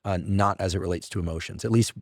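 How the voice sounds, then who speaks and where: A middle-aged man hosting a podcast, speaking in a thoughtful, halting way with scientific asides. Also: low-pitched, fairly even intonation, darkish tone, no room sound, clean studio sound. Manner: thoughtful, halting, many "uh" pauses. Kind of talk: conversational interview.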